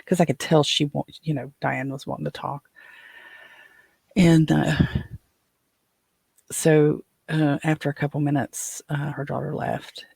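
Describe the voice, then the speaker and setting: An older man tells a personal story on his own show, rambling and restarting his sentences as he goes. His voice is husky and gravelly, with a fairly flat, monotone delivery. The sound is dry and close, with no room echo. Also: fairly high pitch, a little slow, pauses often. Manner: rambling, with frequent restarts and trailing fillers. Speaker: podcast host.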